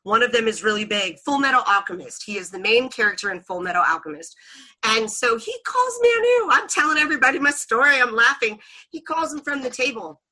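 A woman chatting as a podcast guest, her voice bright and clear. She tells her story in an animated way, laughing often and acting out what people said. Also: on the high side, a little fast. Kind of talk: casual storytelling chat.

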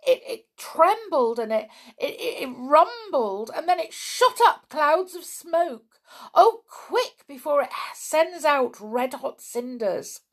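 A woman voicing an excitable, easily frightened young girl who cries out high and breathless. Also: slow pace, creaky, heavily acted.

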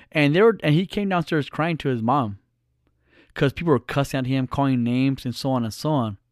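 A man's voice: medium pitch, no room sound, clean studio sound. A middle-aged man vlogging in a blunt, profane, heated rant straight to his viewers. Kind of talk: casual ranting monologue.

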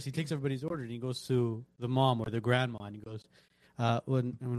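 A man's voice: medium pitch, quick pace, dry recording. A man hosting a podcast, chatting casually and acting out the lines he quotes while telling stories. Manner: animated storytelling, acts out quoted lines. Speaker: podcast host. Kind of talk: casual chat.

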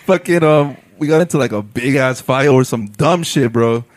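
A man's voice: mid-range voice, normal speed, a crowd in the background. A man telling a story in a casual, slangy chat, swearing and laughing often.

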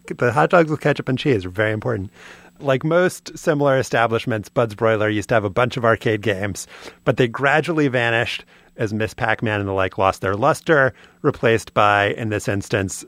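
A man's voice: lowish voice, a bit bright, no room sound. A man co-hosting a podcast, telling a prepared story in a dry, wry way. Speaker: podcast co-host. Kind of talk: casual chat, reading a prepared segment.

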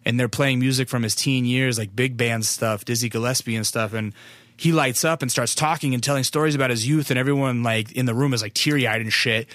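A man's voice: mid-range voice, steady tone, fairly quick, fairly bright tone, no echo, studio quality. A young American man hosting a podcast, talking casually and rambling with lots of fillers and swearing. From United States. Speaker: podcast host.

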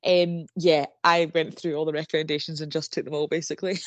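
Chatty woman, low voice, podcast host rambling and laughing, dry close sound. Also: level tone, fairly quick, no echo. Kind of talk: casual true-crime podcast chat.

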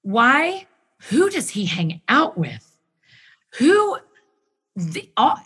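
A woman talking as a guest in a casual conversation, enthusiastic and quick in bursts, often restarting her sentences. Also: a little high, fairly bright tone, breathy edge. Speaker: podcast guest who hosts her own show.

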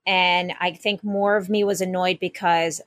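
A woman's voice: lowish voice, little pitch movement, measured pace, fairly bright tone, dry recording, clean studio sound. A woman co-hosting a casual podcast, telling a rambling story with many restarts and asides. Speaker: podcast co-host.

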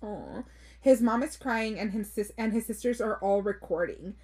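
A woman's voice: mid-range voice, moderate pace, a little mellow, husky. A woman in her thirties hosting a podcast, chatting casually and bluntly as she reads listener stories, swearing freely and dropping in Spanish phrases. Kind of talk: casual chat.

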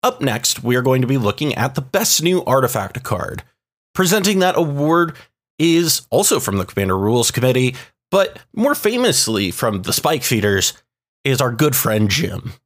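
A man hosting a card-game awards show, introducing presenters with halting, self-mocking asides. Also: medium pitch, big pitch swings. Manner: hesitant filler-heavy asides.

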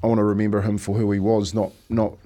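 A New Zealand man in his fifties co-hosts casual radio chat from a studio, speaking quickly in a lowish, mellow voice with little pitch movement. He talks in a reflective, storytelling way and often says "mate."

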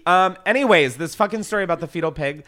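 A man's voice: high-pitched, fast. A man hosting a podcast, telling stories in casual chat, swearing freely and laughing often. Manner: profane, laughing, animated storyteller. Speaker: podcast host.

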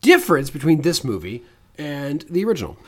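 Animated man co-hosting a casual movie-review podcast, slightly high-voiced. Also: brisk. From Canada. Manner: animated, does comic impressions. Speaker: podcast co-host.

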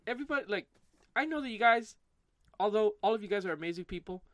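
Animated young man, higher voice, dry close mic. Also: no echo. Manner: animated, excitable, quick to tease. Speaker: podcast co-host. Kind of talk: casual chat.

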